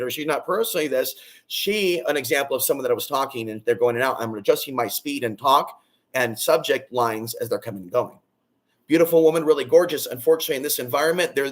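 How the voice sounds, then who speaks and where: A man talking straight to his viewers in a loud, booming, rambling monologue that swings between excited bursts and low, hushed stretches. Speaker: vlogger.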